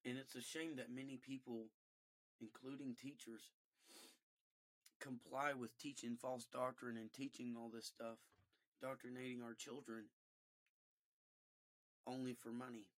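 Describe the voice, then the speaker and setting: Emotional man, halting and earnest. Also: mid-range voice, level tone. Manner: earnest, halting, repeats himself, pauses between short phrases. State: emotional, voice breaking at times. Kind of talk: emotional personal monologue.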